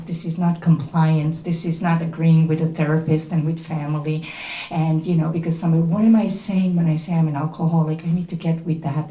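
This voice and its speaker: A woman's voice: fairly low pitch, warm tone. A middle-aged woman with a Serbian accent giving an earnest, emphatic personal testimony to a workshop audience. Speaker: recovery speaker at a workshop. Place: workshop room before an audience. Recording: echoey room.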